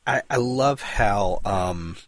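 A man hosting an interview, talking in a halting way with frequent restarts. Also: fairly low pitch, no echo. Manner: halting, many restarts and fillers. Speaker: podcast host. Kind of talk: interview conversation.

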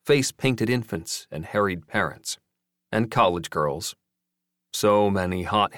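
A man reading a story as scripted narration, wry and measured. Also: on the low side, dry recording, clean studio sound.

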